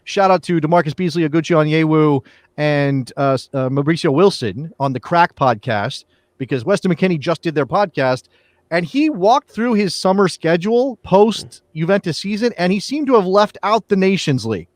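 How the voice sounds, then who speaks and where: Dude riffing on a soccer podcast, kinda high voice, dry close mic. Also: male voice, lively intonation, moderate pace, no room sound. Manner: chatty, joking, trails off and restarts. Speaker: podcast host. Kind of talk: casual sports chat.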